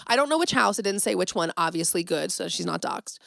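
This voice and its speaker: A woman hosting a casual solo podcast, talking dramatically and swinging from loud exclamations to hushed asides. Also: medium pitch, a little fast, vocal fry, few pauses, no room sound, clean studio sound. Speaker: podcast host.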